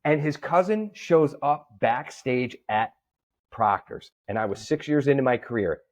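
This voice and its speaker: With a medium pitch and an unhurried delivery, the guest comedian and promoter spins an animated tale during a relaxed interview, voicing each person in the story as he quotes them.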